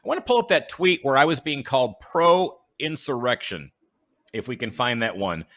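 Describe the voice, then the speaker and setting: A man hosting a casual podcast chat, speaking earnestly and haltingly, with many restarts and fillers. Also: mid-range voice, sing-song, fairly bright tone. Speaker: podcast host.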